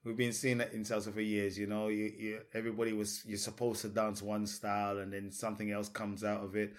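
A man with a Portuguese accent hosts a relaxed podcast conversation. He tells stories with energy and slips into quick impressions of other people's reactions. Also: on the low side. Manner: animated storyteller, acts out quotes. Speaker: podcast host. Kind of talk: casual podcast chat.

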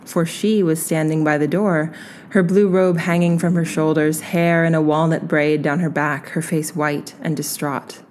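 A woman with a fairly low voice reads a literary essay aloud. Her delivery is slow, measured and reflective, with a faint hum of noise underneath. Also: fairly even intonation, darkish tone. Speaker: reader.

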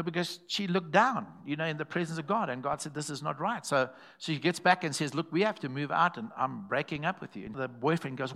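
A man preaching a sermon in a church, telling stories and calling out to the congregation. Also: on the high side. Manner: animated, calls to the congregation, acts out quoted voices. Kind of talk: sermon with storytelling.

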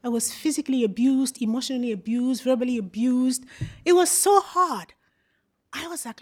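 A woman's voice: high-pitched, normal speed, a little mellow. A woman from Congo telling her life story as a church testimony, earnest with touches of wry humour. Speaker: speaker giving a personal testimony.

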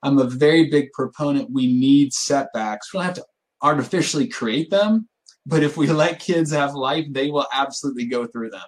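A man's voice: mid-range voice, poor audio. Earnest man explaining coaching ideas. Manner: earnest, explaining with quick rhetorical asides. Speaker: youth soccer coach, co-host. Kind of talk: casual podcast chat.

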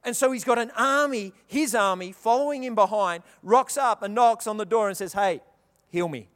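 A man preaching a sermon, telling the story with animated delivery and acting out the characters' lines. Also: high voice, normal speed. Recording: long reverb of a large hall.

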